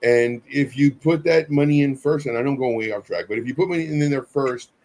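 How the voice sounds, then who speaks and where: A man's voice: mid-range voice, a little fast, darkish tone. A man co-hosting a casual live stream, telling stories earnestly with many fillers and restarts. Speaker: co-host.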